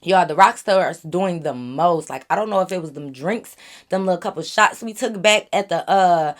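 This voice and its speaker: A woman vlogger telling a casual storytime, animated and chatty, talking straight to her viewers. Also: fairly low pitch, normal speed.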